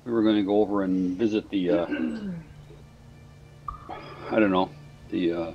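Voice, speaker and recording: A man's voice: low voice, steady tone, moderate pace, noisy background. A man playing in a tabletop game, rambling and hesitant with many fillers. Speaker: player. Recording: dull lo-fi sound.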